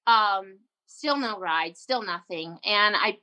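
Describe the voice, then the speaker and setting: A woman telling a personal story in a casual interview, animated and emphatic, acting out her own quoted lines. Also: mid-range voice, slow. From Canada. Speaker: guest entrepreneur.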